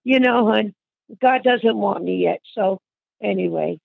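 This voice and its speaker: An older woman talks through memories in a chatty way, calling the listener hon and honey as she goes. Her voice is gravelly, with a worn grain to it. The sound is tinny and phone-like, close and dry with no room around it. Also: medium pitch, measured pace, no echo. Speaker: interviewee. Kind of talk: reminiscing conversation.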